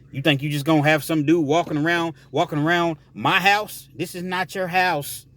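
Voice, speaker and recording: Jealous inmate on a prison phone, heated and menacing, as a storyteller puts him on. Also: male voice, medium pitch, a little fast, breathy edge, close to an everyday voice. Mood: angry.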